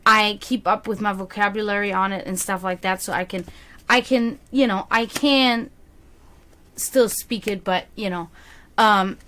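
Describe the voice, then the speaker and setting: A woman's voice: medium pitch, fairly even intonation, a little slow, fairly bright tone. A woman with a German accent, German her first language, rambling through a tarot reading on a live stream, using pet names and plenty of fillers. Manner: rambling, filler-heavy, affectionate. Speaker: psychic reader.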